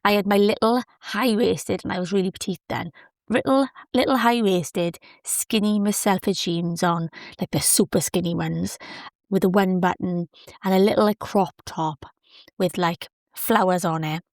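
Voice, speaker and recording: A woman hosting a solo podcast, telling a dating story in a chatty, animated, self-deprecating way with lots of quoted asides. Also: medium pitch, moderate pace, no echo, clean studio sound. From Wales. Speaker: podcast host.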